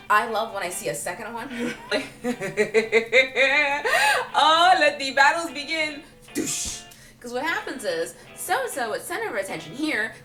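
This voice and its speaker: Animated young woman telling funny stories. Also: mid-range voice, reverberant, distant mic. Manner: animated, acts out people in goofy voices. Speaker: comedic vlogger. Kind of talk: comedic storytelling vlog.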